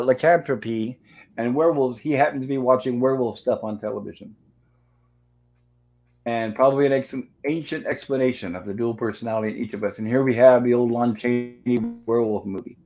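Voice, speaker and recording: A man's voice: mid-range voice, fairly quick, a little mellow, rough recording. Guy hosting a movie review stream, chatty, narrates every scene and reads the lines out. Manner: narrates scenes step by step, reading out dialogue. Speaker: host of a movie review livestream. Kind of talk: casual movie recap.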